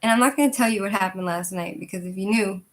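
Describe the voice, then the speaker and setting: Over slight background noise, a woman in her thirties who hosts a channel rattles through a personal story as a fast talker with a medium-pitched voice. She's animated and wandering, heavy on fillers, and breaks into laughter between sentences.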